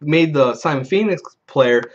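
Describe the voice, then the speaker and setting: Fairly high-pitched and lively, speaking at a normal speed, a man hosting a video casually recounts a meandering, foul-mouthed tale from a tabletop game and imitates the players as he quotes them. It's a dull, lo-fi recording.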